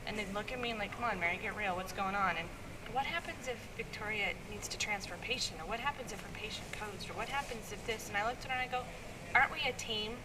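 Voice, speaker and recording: A woman nurse in a documentary interview, telling a story in an animated way and acting out the dialogue. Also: mid-range voice, fast. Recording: distant mic with steady noise.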